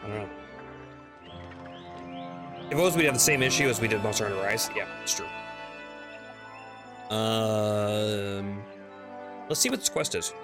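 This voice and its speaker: A man with a fairly low voice chats casually while playing, often muttering item names under his breath. Faint game music plays behind him. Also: lively intonation, a little slow, pauses often. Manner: mumbling, reads game text aloud, trails off quietly. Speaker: game streamer. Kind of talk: casual gameplay commentary.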